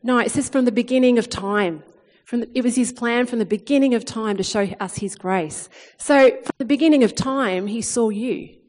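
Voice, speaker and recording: A woman's voice: a little high, moderate pace. Earnest woman preaching in a reverberant hall. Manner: earnest, animated when reading scripture, with fillers and restarts. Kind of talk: sermon.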